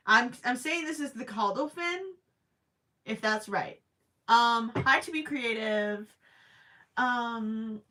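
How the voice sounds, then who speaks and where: A woman's voice: a little high, sharp tone. A woman chatting casually with her viewers while she crochets, rambling with plenty of ums and self-deprecating asides. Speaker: crochet livestream host.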